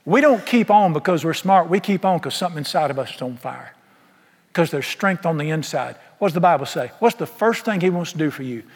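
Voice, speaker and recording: A man's voice: fairly high pitch, animated, fairly quick, slightly rough. A man preaching a sermon, folksy and emphatic, firing rhetorical questions at the congregation. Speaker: pastor. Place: church sanctuary. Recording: long reverb of a large hall.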